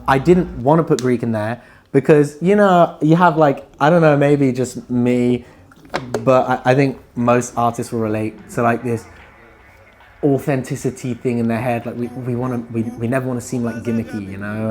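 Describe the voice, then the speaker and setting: A man, a musician, chatting casually in an interview in a relaxed, rambling way that trails off softly at times. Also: medium pitch, normal speed, faint music behind. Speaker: musician guest.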